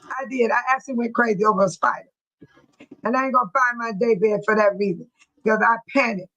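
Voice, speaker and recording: High-voiced woman laughing through a live stream. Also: fairly even intonation, fast talker, bright, forceful tone, highs cut off. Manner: laughs often, talks to viewers. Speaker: live-stream host reading viewer comments. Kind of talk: casual live-stream chat.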